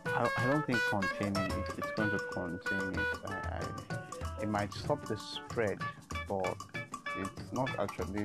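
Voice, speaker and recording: A man's voice: on the low side, measured pace, over loud music. A man hosting a comedy podcast, rambling casually and repeating his words as he goes. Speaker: podcast host.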